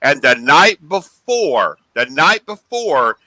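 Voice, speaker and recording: A man guesting on a podcast, telling animated stories in casual chat and acting out the voices he quotes. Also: a little high, takes it slowly, no room sound, poor audio. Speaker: guest paranormal investigator.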